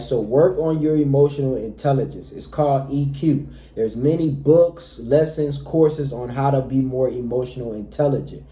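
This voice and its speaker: Male dating coach, very mellow voice, emphatic, roomy reverb. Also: medium pitch. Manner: emphatic, repeatedly says "all right, fellas". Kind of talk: direct-to-camera advice talk.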